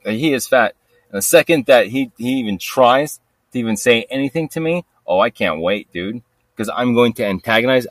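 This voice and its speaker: A man's voice: mid-range voice, dry recording. A man hosting a podcast alone, rambling in a casual rant full of swearing, restarts and laughs. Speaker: podcast host.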